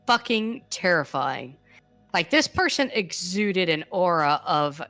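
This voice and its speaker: A woman streamer chatting casually with a co-host and her chat, blunt and quick to swear. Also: lowish voice, a bit bright. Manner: blunt, swears a lot, laughs often.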